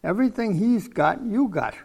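A man's voice: high-pitched, expressive, moderate pace, creaky, a little mellow, slightly rough, lo-fi sound. An older man preaching a sermon, teaching from the Bible in a folksy, conversational way.

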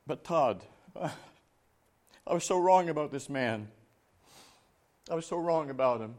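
Male evangelist, high-pitched voice; storytelling sermon that builds to emphatic, loud preaching. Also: lively intonation, takes it slowly. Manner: laughs while telling stories; acts out dialogue with rising voice.

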